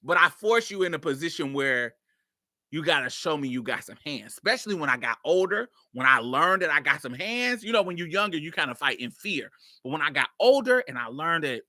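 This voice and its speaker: A woman podcast host telling a personal story in a blunt, profane, animated way. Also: low-pitched, a little fast, no echo, studio quality. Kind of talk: casual storytelling.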